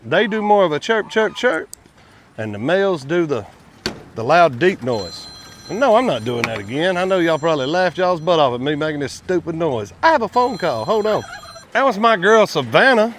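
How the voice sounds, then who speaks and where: A man's voice: a little high, very animated, normal speed, a bit bright, a little hiss or hum. A man, chatting casually to viewers in a vlog while working outdoors at his quail pens, folksy and talkative. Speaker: quail farmer and channel host.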